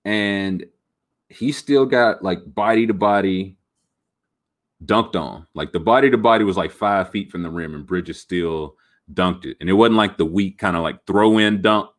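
A man hosting a podcast, rambling about sports in an animated, jokey way. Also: low-pitched, a little slow. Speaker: podcast host. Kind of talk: casual sports talk.

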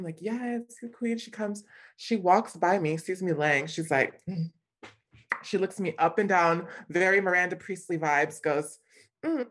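Animated, slangy woman from California. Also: on the low side. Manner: animated, slangy, laughing often. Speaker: guest. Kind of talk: casual storytelling chat.

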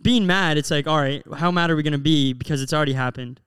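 A man's voice: a little high, quick pace, a bit bright, clear, resonant tone, no room sound. A young man from Florida co-hosting a podcast, telling stories in an open, earnest way with lots of "like". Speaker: podcast co-host. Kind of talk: casual chat.

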